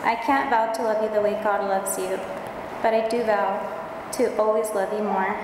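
A woman's voice: mid-range voice, fairly even intonation, normal speed, noisy background. A young woman, the bride, reading her wedding vows in a tender, heartfelt way. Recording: distant, very echoey hall with ambience.

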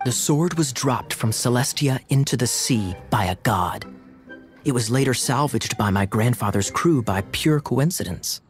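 An actor voicing a young game character who tells grand, secretive tales with earnest drama. His voice sits at a medium pitch, and faint game music plays behind him. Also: animated, normal speed, natural voice. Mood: storytelling. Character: boastful young male pirate's grandson with an eye patch. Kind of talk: game dialogue.

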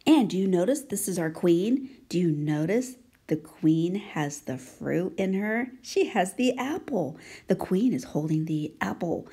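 A woman teaching young children to write letters, speaking gently and encouragingly and often asking if they can see. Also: on the low side, breathy edge. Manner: gentle, slow and encouraging, asking many check questions. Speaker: handwriting teacher. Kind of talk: children's handwriting lesson.

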